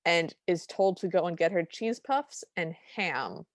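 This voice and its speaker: A woman's voice: on the low side, lively intonation, takes it slowly, dry recording. A woman co-hosting a podcast, chattily recapping a film and quoting its lines. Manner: chatty, recounting plot with quoted lines. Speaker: podcast co-host. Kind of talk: casual recap chat.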